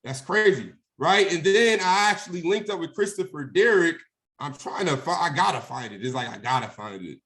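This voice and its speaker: A man's voice: fairly high pitch, animated, moderate pace, fairly bright tone. A young man telling a personal story in a casual, conversational way, often asking "right?" and acting out phone calls. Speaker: guest speaker.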